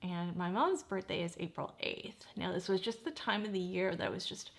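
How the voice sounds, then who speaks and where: A woman's voice: fairly low pitch, expressive, normal speed, vocal fry. A woman in her forties chatting casually while doing her makeup, easily sidetracked and close to tears at times. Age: 40s. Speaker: beauty vlogger.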